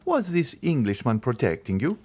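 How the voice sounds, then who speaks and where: A man's voice: mid-range voice, sing-song, normal speed, a little mellow, breathy edge, voice pushed up. A man voicing a stern, commanding older priest who interrogates with an imperious, accusing manner. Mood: probing.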